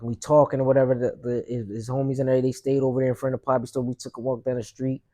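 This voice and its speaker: Mellow-voiced man telling a street story. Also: mid-range voice, little pitch movement, quick pace. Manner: loose, rambling street slang with many fillers. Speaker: podcast host. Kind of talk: casual storytelling monologue.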